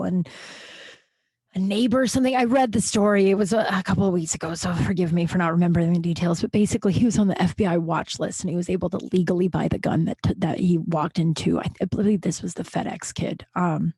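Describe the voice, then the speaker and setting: A woman in her late thirties from Colorado hosting a podcast, talking in a halting, tearful, emotional monologue full of restarts and swearing. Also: mid-range voice, a little mellow, slightly rough, no room sound. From Colorado, USA. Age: late 30s. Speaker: podcast host.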